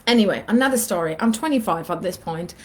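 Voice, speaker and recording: Animated woman telling a personal story. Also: medium pitch, quick pace. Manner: animated, acts out her own inner voice. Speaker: vlogger. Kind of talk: casual storytelling monologue.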